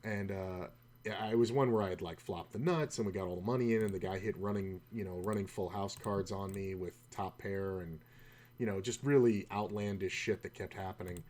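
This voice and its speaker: A man's voice: deep voice, brisk, darkish tone. A man streaming poker who tells a long, rambling story in a casual, discouraged way, often stopping mid-sentence. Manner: rambling, self-interrupting, quotes others in his own voice. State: discouraged, low-key. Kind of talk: casual storytelling while playing.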